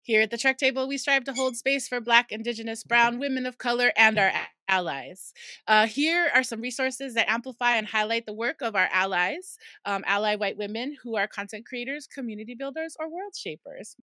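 Bright, dry-sounding woman podcast host. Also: on the high side, a little fast, no echo. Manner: warm moderator, many affirming mm-hmms. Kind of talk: casual chat.

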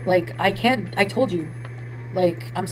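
A woman's voice: fairly low pitch, a little slow, background noise. A young woman vlogging, rambling, swearing and venting about her trip and her friends. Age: young adult. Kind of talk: emotional confessional vlog. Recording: clip with music behind.

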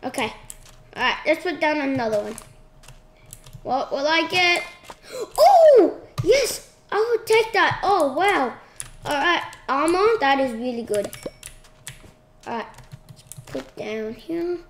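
A woman giving casual, excitable commentary while playing a game, shrieking at surprises. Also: high voice, slow, pauses often. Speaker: gaming channel host. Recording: echoey room with clear noise.

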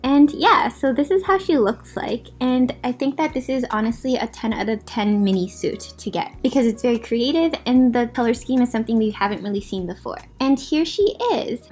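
A woman's voice: a little high, a little mellow. A young woman hosting a gaming video, giving casual, chatty commentary with apologetic asides and lots of gushing. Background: faint background music.

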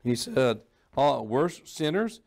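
A man's voice: medium pitch, sing-song, slow pace, vocal fry, darkish tone. A man preaching a sermon in a church, emphatic and sarcastic, often mocking opposing views in put-on voices. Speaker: pastor.

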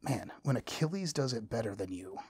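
Man, novel reader, wry asides, husky voice, dry close sound. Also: mid-range voice, animated, brisk, a little mellow, no echo. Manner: wry asides breaking into the reading. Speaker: audiobook reader. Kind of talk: relaxed classic novel reading with asides.

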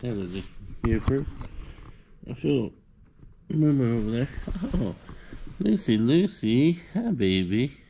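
Slow, gravelly man cooing at puppies. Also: lively intonation, mellow, muffled recording, a little hiss or hum. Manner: baby talk to puppies, high and sing-song at times. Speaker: vlogger showing puppies. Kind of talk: casual vlog talk to puppies.

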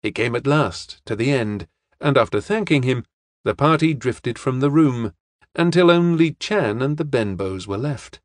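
A man narrating a detective novel as an audiobook in a steady, measured way. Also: mid-range voice, no echo, studio quality.

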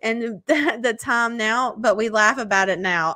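Chatty, bright-voiced woman podcast host. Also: a little high, a little slow. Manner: chatty and frank, swears freely. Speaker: podcast co-host reading listener emails. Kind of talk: casual podcast chat.

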